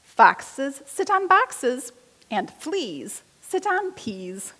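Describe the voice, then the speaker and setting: A calm, know-it-all storybook cat read out by a woman, patiently reciting rhymes at an unhurried pace. Her tone swings between high and low notes. A long hall reverb trails each phrase. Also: heavily acted. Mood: matter-of-fact. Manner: explaining patiently, rhyming lists.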